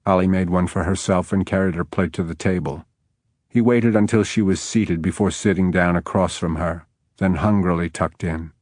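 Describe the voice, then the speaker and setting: A man reading an audiobook in steady, even scripted narration on a close studio mic. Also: sits low, moderate pace, no room sound.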